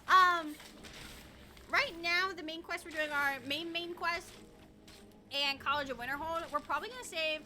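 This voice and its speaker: Bright high-voiced woman streamer. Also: measured pace, pauses often, a little hiss or hum. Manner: chatty, swearing, frequent laughs. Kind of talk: casual gaming stream chat.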